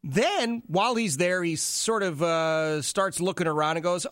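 A man hosting an opinionated talk show, giving animated, sarcastic commentary. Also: sits high, a little slow, no room sound, clean studio sound. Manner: animated, sarcastic, mimics people he quotes.

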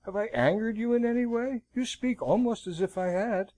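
A man voicing an earnest, hot-tempered young gentleman in an audiobook, protesting indignantly. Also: high-pitched, normal speed, no echo, pitched above the performer's own voice, lightly acted, poor audio.

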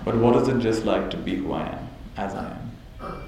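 A warm, creaky male voice, fairly low in pitch and animated at a moderate pace, teaches spiritual ideas to a live audience. He weaves in stories, chuckles frequently and checks in with "right?". There is faint noise and a very echoey hall sound.

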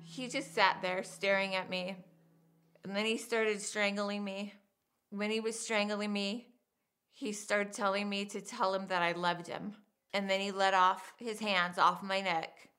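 A woman giving documentary interview testimony as a crime survivor, in a measured, halting, hushed way. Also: medium pitch, level tone.

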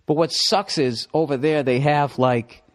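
A middle-aged man with a Boston accent, hosting a podcast with a profane, animated comedic ramble. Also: on the high side, a little slow. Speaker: podcast host.

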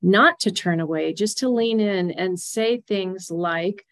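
Earnest woman giving gentle grief advice. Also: medium pitch, slow. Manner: earnest, gently instructive, repeats key phrases. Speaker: grief guide. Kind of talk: podcast interview guest.

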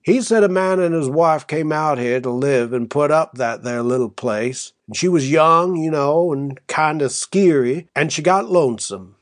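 A man's voice: on the high side, no echo, studio quality, close to an everyday voice. A man doing Bart, a rustic frontier husband. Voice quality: rustic drawl with dropped endings. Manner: coaxing, homespun storytelling. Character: folksy young frontier husband, evasive. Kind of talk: audiobook character reading.

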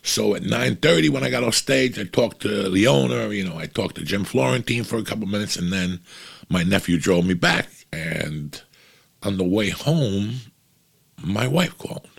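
Comedian type, man: deep husky voice, casual and profane, rambles through a story. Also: expressive, normal speed.

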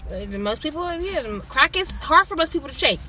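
A woman co-hosts a casual podcast chat, sharing blunt and outspoken opinions. Her voice is bright and forward. A faint hiss sits behind her. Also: sits high, very animated, a little fast. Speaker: podcast co-host.

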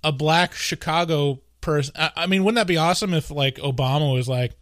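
An animated man chatting casually as a podcast co-host. His voice sits a little high, and he rambles and cracks jokes. The recording is dry and close. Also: a little fast, no room sound. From US West Coast. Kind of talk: casual chat.

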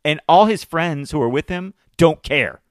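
A man in his thirties tells a story in a loose, chatty way, and his pitch swings widely as he acts out the other people in it. The recording is dry and close, with almost no room sound. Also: normal speed, no room sound. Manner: animated, acts out quoted voices. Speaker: podcast host. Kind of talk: casual storytelling chat.

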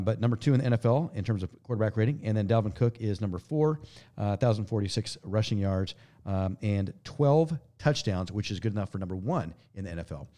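Brisk low-voiced man hosting sports talk. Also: mellow. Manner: brisk, stat-heavy, moves the show along. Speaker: sports podcast host. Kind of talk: casual sports chat, running the segment.

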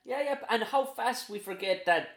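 A man, chiming in with quick, profane banter as a podcast co-host. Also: very high-pitched, fairly bright tone. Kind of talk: casual chat. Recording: roomy echo.

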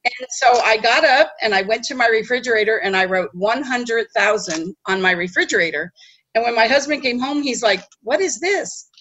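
A woman telling a personal story in a chatty, animated way, often checking in with her listeners. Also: fairly high pitch, fairly quick, dull audio. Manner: chatty, animated, tag questions. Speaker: host. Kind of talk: storytelling talk.

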